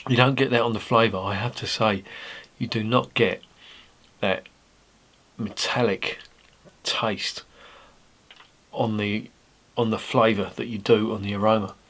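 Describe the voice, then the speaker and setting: A man's voice: lowish voice, steady tone, measured pace, long pauses, a bit bright. A man, giving a casual, rambling, sweary beer review monologue. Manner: rambling, sweary, blunt banter.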